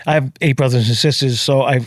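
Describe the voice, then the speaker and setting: A man's voice: mid-range voice, fairly even intonation, fast talker, dry recording, studio quality. Earnest New York man telling his story. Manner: earnest, emphatic with blunt swearing. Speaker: podcast guest. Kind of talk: casual storytelling.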